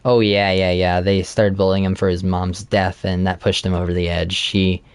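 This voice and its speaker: A man co-hosting a casual podcast, chatting while playing a game and retelling a plot with animated laughter. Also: low-pitched, moderate pace, smooth, dry recording. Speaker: podcast co-host.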